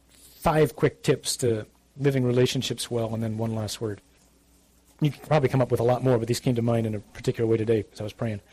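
Husky-voiced priest giving a blunt talk. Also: male voice, on the high side, darkish tone, dry recording. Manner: conversational, blunt and emphatic, with dry humour. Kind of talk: religious talk to young adults.

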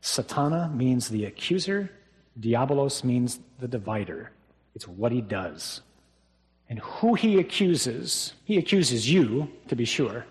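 A priest delivers a funeral homily in a plain, conversational voice. He talks to the congregation directly and often tags his points with a quick question. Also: mid-range voice, sing-song.

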